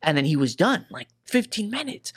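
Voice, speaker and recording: A man's voice: sits high, big pitch swings, fairly quick, fairly bright tone, breathy edge. A man in casual chat, telling a tour story in a rambling way, swearing often and saying "dude" and "like" constantly. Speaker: guitar tech guest.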